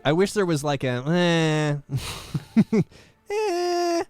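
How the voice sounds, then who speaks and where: A young man streaming a game, giving live commentary with sarcastic, deadpan jokes. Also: on the high side, very slow, no echo, faint music behind.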